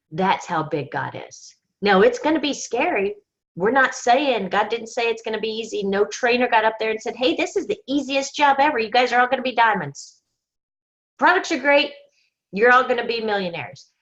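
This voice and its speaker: A woman leading a team call, telling a story earnestly and with deep religious conviction, often quoting others along the way. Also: dull audio. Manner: earnest, faith-driven, storytelling with quoted asides. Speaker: team leader. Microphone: conference call.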